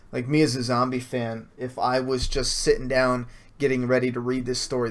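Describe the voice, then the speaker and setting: A man answering viewer questions in a casual stream, blunt and swearing freely, with frequent restarts. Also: mid-range voice. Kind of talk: casual Q&A livestream.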